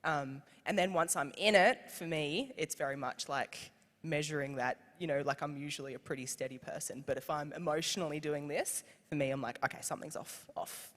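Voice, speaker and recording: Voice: mid-range voice, brisk, fairly bright tone. A panelist talking casually and reflectively, peppering sentences with "like". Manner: casual, lots of "like" fillers. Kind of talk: panel discussion. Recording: echoey hall.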